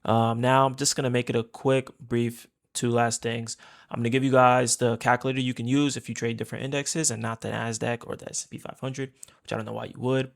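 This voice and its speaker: A man's voice: medium pitch, flat delivery, a little fast, gravelly. A man teaching as a trading instructor in a casual screen-share tutorial, chatty and repeating his points while calling his viewers guys.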